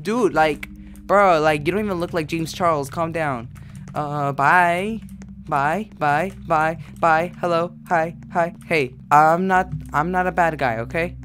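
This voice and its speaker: A man's voice: fairly high pitch, measured pace, a bit bright, slight background noise. A male gaming YouTuber giving jumpy horror gameplay commentary, repeating frightened exclamations.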